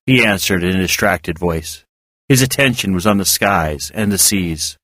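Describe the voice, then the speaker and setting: A man narrating a fantasy serial with an expressive reading. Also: lowish voice, normal speed, no echo, studio quality. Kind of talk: audiobook narration.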